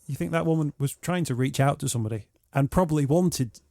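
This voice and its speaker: A male host asks gentle, thoughtful questions. His voice is mellow and dark, recorded close and dry on a studio microphone. He searches for words calmly as he frames each question. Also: fairly high pitch, quick pace, creaky, no room sound. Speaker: radio show host. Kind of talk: interview questions.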